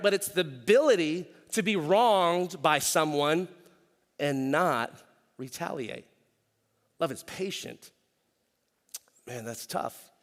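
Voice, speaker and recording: A middle-aged man, preaching a conversational sermon as pastor and telling stories in animated slang. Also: a little high, big-room sound. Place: church stage.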